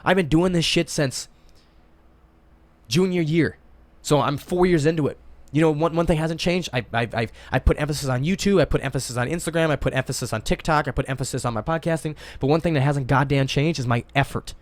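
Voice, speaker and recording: Young guy hosting a podcast, talks super fast, a bit high, swears a lot, dry close mic. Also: no echo. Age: 20s. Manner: fast, emphatic, swears freely. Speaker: podcast host. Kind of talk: casual chat.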